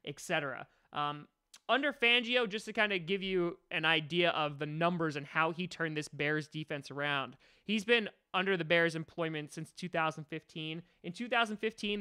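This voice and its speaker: A man's voice: fairly high pitch, bright, forceful tone, clear, resonant tone. A man hosting a comedic sports podcast, rambling and joking with mock sarcasm. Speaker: podcast host.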